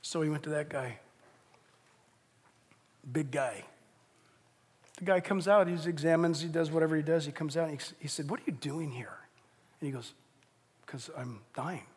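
A middle-aged pastor preaching from the pulpit, his husky, high-pitched voice swinging between hushed storytelling and loud bursts as he acts out each character. The long reverb of a big sanctuary trails every phrase. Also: normal speed, pauses often. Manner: animated storytelling, acting out quoted voices. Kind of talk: sermon. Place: church sanctuary. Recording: long reverb of a large hall.

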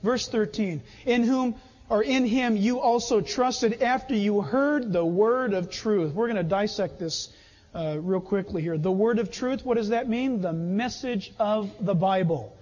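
A man preaching with a very high voice and a slow, deliberate pace. He delivers the sermon emphatically and acts out short scenes as he goes. The sound is a bit dull and rings with a long hall reverb. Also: a little mellow. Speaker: pastor.

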